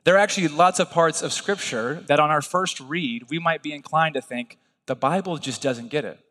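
A man preaching a sermon as pastor in a relaxed, conversational, folksy way, often checking in with his listeners. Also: on the high side, moderate pace, long reverb tail.

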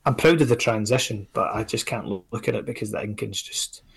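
A man's voice: lowish voice, a little fast, gravelly, breathy edge. A Scottish man, a comics creator, chatting on a podcast in a rambling, self-critical way with lots of fillers and casual swearing.

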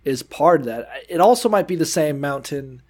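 A man's voice: a little high, expressive, moderate pace, darkish tone. A man co-hosting a casual Bible podcast, cracking crude jokes and acting out biblical figures in modern slang. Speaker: podcast co-host. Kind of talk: casual irreverent Bible discussion.

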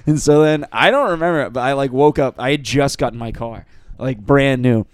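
A man's voice: mid-range voice, a little fast, clean tone, no room sound. A man in his thirties with a Boston accent tells stories in casual podcast chat. He acts out what people said and swears freely. The sound is dry and close, with no room around it. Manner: animated storyteller, acts out quotes, swears freely. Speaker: podcast guest.

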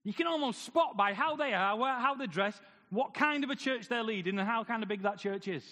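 A man's voice: very high voice, a little fast, pushed and bright. A man preaching a sermon, firing off rhetorical questions with wry humor. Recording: long hall reverb.

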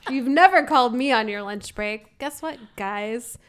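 Brief: Minnesotan woman co-host, playful teasing banter, a little high-pitched. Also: animated, a bit bright. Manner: teasing, joking, quick banter. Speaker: podcast co-host. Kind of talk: casual chat.

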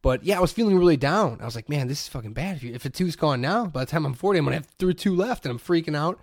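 A man's voice: fairly high pitch, animated, very fast, no room sound, studio quality. A man, telling a story animatedly in a casual podcast chat, laughing and swearing freely. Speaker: podcast co-host.

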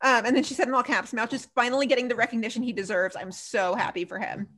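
This is a woman with a somewhat high-pitched voice co-hosting a casual podcast. She recaps TV episodes in an animated, laughing way, full of fillers like "like.". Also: quick pace. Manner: animated, laughing, lots of "like" and "so funny". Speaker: podcast co-host.

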